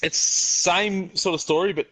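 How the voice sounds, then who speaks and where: A young man with a slightly raised voice tells a casual story, stumbling over his words and restarting often. He sounds loose and relaxed, chatting with a friend. His pitch sits a little above the usual male range. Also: a little slow. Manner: hesitant, stumbling storyteller with frequent laughs. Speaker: podcast co-host. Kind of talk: casual chat.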